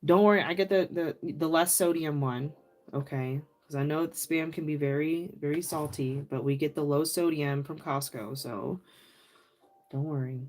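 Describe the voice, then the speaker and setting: Chatty low-voiced woman craft host. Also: moderate pace, a little mellow. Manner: chatty, laughing, answers viewer comments by name. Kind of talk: casual crafting livestream chat.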